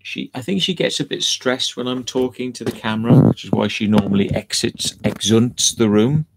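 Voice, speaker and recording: A man's voice: mid-range voice, moderate pace, gravelly, very noisy. A man rambling sardonically to camera, swearing freely as he goes. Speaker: video host. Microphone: camera mic.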